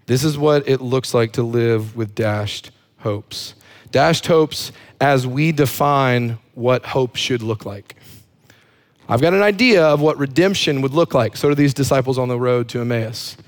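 A man's voice: medium pitch, measured pace. A man preaching a sermon as a pastor, emphatic and fond of repeating words for effect.

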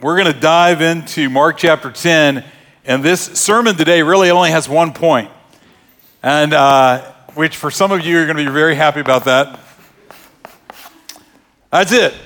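A man's voice: fairly high pitch, a bit bright. A man preaching a sermon as pastor, conversational and joking as he tells stories.

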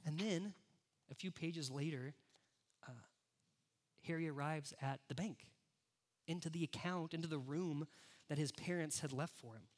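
A pastor preaches in a fairly high, easy voice, talking with his congregation rather than at them. He checks in with quick questions. His tone is casual and direct. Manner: conversational, addresses the congregation directly. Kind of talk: sermon.

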